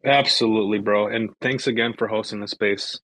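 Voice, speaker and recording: A man's voice: on the low side, fairly even intonation, a little fast, a bit bright, no echo, rough recording. A man speaking briefly and matter-of-factly as a guest in a casual chat.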